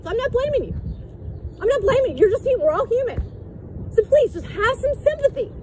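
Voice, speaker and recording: A woman yelling defiantly at a police officer in a public park, her voice growing sore from shouting. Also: very high voice, big pitch swings, fairly quick, slight background noise. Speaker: mother filming a police encounter. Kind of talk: heated confrontation.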